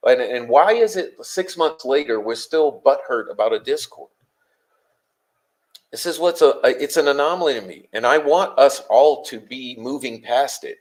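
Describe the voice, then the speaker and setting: Here a man running a livestream vents at his viewers, cursing heavily and shooting out quick rhetorical questions in an irritated, confrontational way. He has a mid-range voice.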